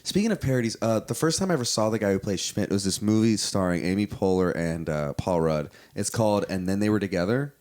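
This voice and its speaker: A man's voice: fairly low pitch, expressive, quick pace, hardly any pauses, a little mellow. A man hosting a casual comedy podcast, talking loosely and acting out movie scenes in silly voices. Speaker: podcast host.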